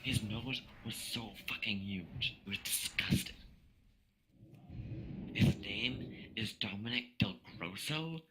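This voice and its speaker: A young man, clearly drunk, rambles through a long story in a somewhat low voice, cursing at nearly every turn. His voice chat line carries a steady hiss of background noise. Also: slow pace. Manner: rambling, slurred, swears constantly. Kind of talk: casual chat with friends over voice chat.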